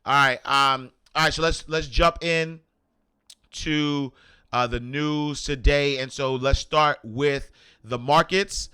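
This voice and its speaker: Bright-voiced man hosting chatty news show. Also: a little high, slow, smooth. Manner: rambling, many fillers, animated when indignant. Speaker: host. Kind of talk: casual news commentary.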